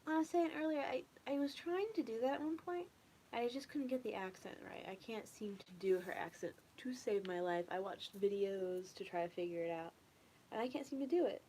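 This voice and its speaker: A young woman chatting casually with viewers in a relaxed, rambling way, often trailing off into a near whisper. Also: a little high, a little fast, a little hiss or hum. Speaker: ASMR streamer chatting with viewers. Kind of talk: casual soft-spoken chat.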